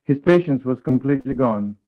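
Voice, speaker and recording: A man reading a third-person story aloud in a flat, read-aloud way as a call partner. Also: mid-range voice, brisk. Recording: tinny online call audio.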